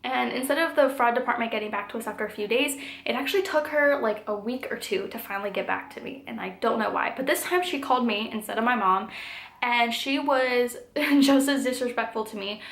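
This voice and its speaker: A woman's voice: on the high side, a little fast, fairly bright tone. A woman in her twenties telling a storytime vlog in a chatty way, full of "like" and "um". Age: 20s. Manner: chatty, filler-heavy telling with frequent "like" and "um". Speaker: vlogger. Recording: echoey room.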